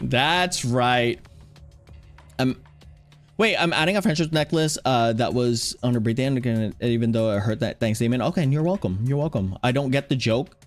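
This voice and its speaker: A man chatting casually on a livestream, rambling playfully, reading chat aloud and now and then breaking into loud, excited shouts. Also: medium pitch, moderate pace. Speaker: streamer. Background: faint background music.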